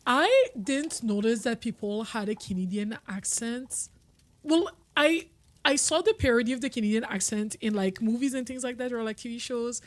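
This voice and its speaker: A woman's voice: a little high, expressive, normal speed, no echo. A young woman streaming a video game, chatting casually and rambling with frequent laughs. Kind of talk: casual gameplay commentary.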